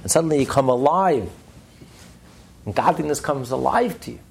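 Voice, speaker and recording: A man lecturing a study class, animated and emphatic, repeating phrases for stress. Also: mid-range voice, normal speed, vocal fry, a little hiss or hum. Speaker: Torah class teacher.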